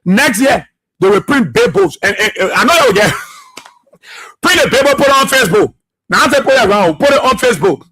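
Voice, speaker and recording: A man's voice: extremely high pitch, very animated, a little fast, pushed and bright, slightly rough. A man hosting a political radio talk show, impassioned and repetitive, firing rhetorical questions and laughing often.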